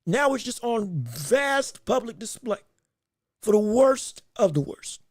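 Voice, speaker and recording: A woman's voice: fairly high pitch, big pitch swings, takes it slowly, a little mellow, no echo, studio quality. Emphatic, rambling woman podcast host. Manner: rambling, repeats herself, greets chat viewers; emphatic and opinionated. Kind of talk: live-streamed sports commentary.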